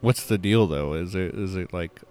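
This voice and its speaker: A man's voice: low voice, moderate pace, a little mellow, clear, resonant tone, faint music behind. A man in an improvised comedy chat, laid-back and amused.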